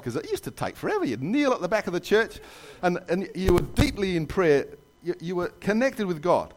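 A man preaching a sermon in a church, telling jokes and stories with lively asides. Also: high voice, quick pace. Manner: animated storytelling with jokes and asides. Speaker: pastor.

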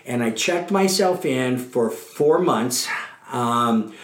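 A man's voice: medium pitch, animated, slow pace. A middle-aged man giving a candid, earnest account of his own past in an interview. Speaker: guest. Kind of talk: personal recovery testimony. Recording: roomy echo.

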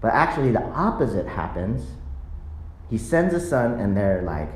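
A pastor preaching a sermon in a church sanctuary, telling a story with animated delivery and acting out quotes. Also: medium pitch, normal speed. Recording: echoey sanctuary room.

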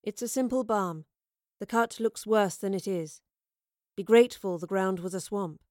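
A woman's voice: mid-range voice, moderate pace, no room sound, lightly acted. A woman voicing a mysterious soothsayer woman who talks in formal riddles with dry sarcasm, in a dry close recording. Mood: cryptic, dry. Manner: calm, riddling, formal speech.

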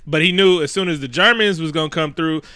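A man's voice: fairly high pitch, bright, forceful tone, smooth, dry recording, studio quality. A man casually recapping an old film for laughs, profane and joking, acting out the characters as he goes. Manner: profane, joking, acts out characters in quick voices. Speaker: podcast co-host recapping a film. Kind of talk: casual comedic movie recap.

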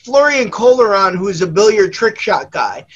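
A male podcast host with a strikingly high voice keeps the chat light. He jokes around and fires off playful questions to his guest. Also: animated, normal speed, dull audio. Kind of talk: casual interview chat.

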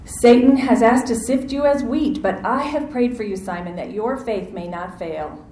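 A woman preaching a sermon, lively and acting out the voices in the story, calling on her listeners to answer back. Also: a little high, normal speed, echoey room, slight background noise, poor audio. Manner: animated, acts out quoted voices, asks audience to respond.

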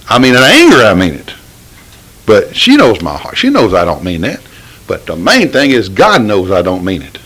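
A middle-aged man preaching an informal sermon. His delivery is folksy and pleading, and it breaks into fervent bursts. His pitch swings widely from low murmurs to high exclamations. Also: a bit bright, poor audio. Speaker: lay preacher.

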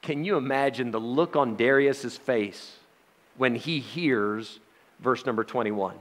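A man's voice: on the high side, lively intonation, normal speed, a bit bright. A man preaching a sermon in a folksy, joking manner, with frequent laughs.

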